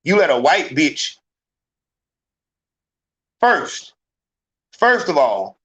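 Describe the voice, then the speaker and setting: A man hosting a live podcast, ranting in a profane, emphatic, animated way. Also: on the high side, drawn-out words, husky. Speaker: podcast host. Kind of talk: heated live podcast rant.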